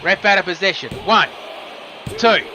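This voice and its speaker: A man giving quick move-by-move wrestling commentary, with casual asides. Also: high voice, animated, noisy background. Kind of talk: play-by-play commentary.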